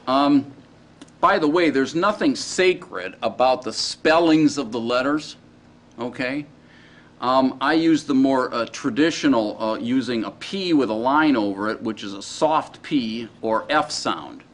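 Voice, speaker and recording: A man teaching a class in a casual, halting way, often checking in with his students. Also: medium pitch. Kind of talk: classroom lecture.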